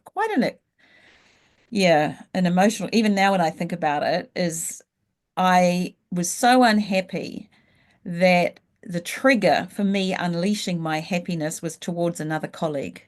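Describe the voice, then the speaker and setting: A middle-aged woman, telling her story frankly and reflectively as an interview guest. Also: on the low side. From New Zealand. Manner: frank and reflective, slows down when thinking back. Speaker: guest, leadership coach. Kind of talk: candid storytelling in a casual interview.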